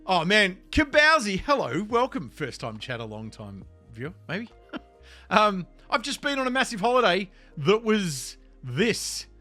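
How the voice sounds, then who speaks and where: A man's voice: high voice, big pitch swings, a little slow, sharp tone. A man with an Australian accent, livestreaming and chatting casually, laughing often and rambling between topics. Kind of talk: casual chat. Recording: faint music underneath.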